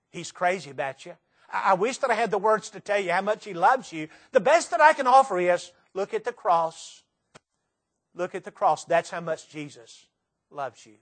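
A Southern preacher with a notably high voice delivers a sermon in a church. He speaks earnestly and repeats his points, slowing down to press each phrase home. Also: a bit bright. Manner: earnest, repetitive, slow emphatic phrases. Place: church sanctuary.

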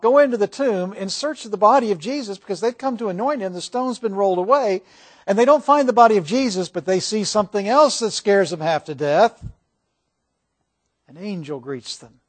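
A man preaching a sermon, animated, asking the congregation questions. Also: high voice.

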